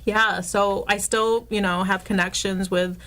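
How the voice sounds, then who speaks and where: A woman guest in a radio studio recounts a story, full of "like" and quick asides. She acts out each exchange in a raised, excited voice, then drops back to easy chat. Her pitch sits right at the middle for a woman. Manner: self-described hothead, casual with many "like"s. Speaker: guest, local realtor.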